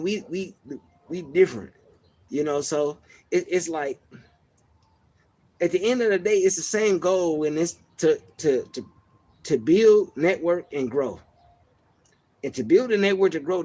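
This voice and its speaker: Soft-spoken man, high-pitched. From Detroit. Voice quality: soft, even-toned. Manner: slangy, reflective, frequent filler phrases. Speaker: livestream host. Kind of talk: casual livestream monologue.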